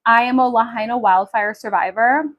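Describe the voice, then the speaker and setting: A woman's voice: on the high side, moderate pace, dull audio. A woman from Maui hosting a casual livestream, chatty and enthusiastic, with many fillers as she talks to viewers. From Maui, Hawaii. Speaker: livestream host.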